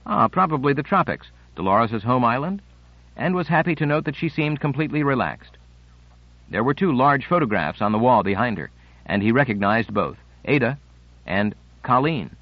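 A man giving scripted audiobook narration in a measured, unhurried reading. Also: medium pitch, expressive, no echo. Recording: dry, slightly muffled studio recording.

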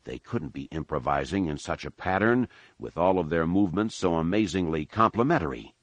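A man giving scripted audiobook narration in a measured, dramatic reading. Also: low voice, expressive, no room sound, lo-fi sound.

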